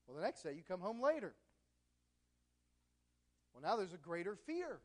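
High-voiced man preaching a conversational sermon. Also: sing-song, normal speed, pauses often. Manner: conversational, illustrating with personal stories. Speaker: pastor.

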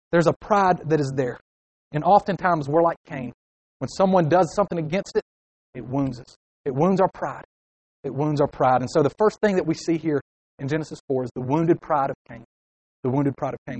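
A man's voice: a little high, a little mellow, no room sound, rough recording. A young man preaching a sermon, acting out short angry inner voices to make his points.

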